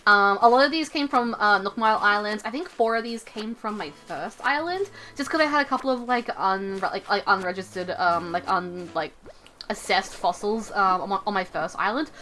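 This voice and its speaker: A woman's voice: medium pitch, moderate pace, sharp tone. A young woman streaming a game, chatting casually in a rambling way with lots of fillers. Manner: rambling, many fillers and restarts. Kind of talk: casual live-stream chat.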